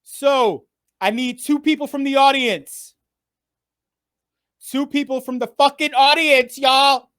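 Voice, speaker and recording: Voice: sits high, steady tone, slow, pauses often, a bit bright, dry recording, clean studio sound. A game show host running a live online contest, playful and teasing, swearing freely and stalling by drawing words out.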